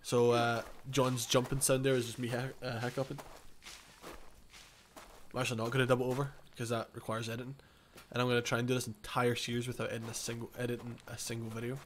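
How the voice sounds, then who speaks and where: Talking fast in a medium-pitched voice with little pitch movement, this man gives casual let's-play commentary for his gaming channel. He rambles over his own gameplay, corrects himself and chuckles as he goes, with slight background noise behind him.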